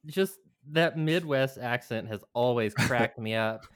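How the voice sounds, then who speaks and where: A man's voice: medium pitch, unhurried, smooth, dry recording. A man telling a rambling, profane story in a casual chat.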